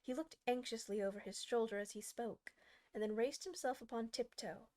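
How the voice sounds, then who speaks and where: A woman reading a classic children's book aloud as an audiobook, with expressive, varied pacing. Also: a little high, normal speed. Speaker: audiobook reader. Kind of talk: scripted audiobook narration.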